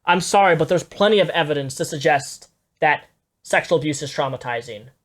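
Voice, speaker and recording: A woman's voice: deep voice, fairly quick. A woman giving live reaction commentary, blunt and profane, stammering and repeating herself as she gets worked up.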